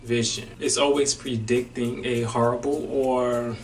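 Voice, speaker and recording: Laid-back male DJ vlogging in slang, mid-pitched voice, a bit off-mic. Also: fairly even intonation, unhurried, far from the mic. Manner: laid-back and slangy, loose run-on phrasing. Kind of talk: casual reflective vlog.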